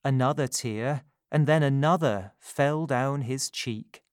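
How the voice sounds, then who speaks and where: A man reading a classic story aloud in a calm, measured narration. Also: medium pitch, no echo, studio quality.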